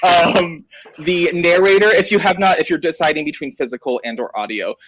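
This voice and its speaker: A man talking in a casual, animated book discussion on a video call, with lots of "like" in his speech. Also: on the high side, brisk, dull audio, noisy background. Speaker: book club panelist.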